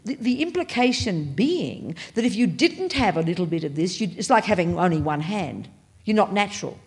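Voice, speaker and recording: Woman teaching buddhism to a class, lowish voice, punchy and blunt, jumps up on key words. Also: sing-song, moderate pace. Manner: emphatic, blunt and playful; pitch leaps up on stressed words. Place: meditation center classroom.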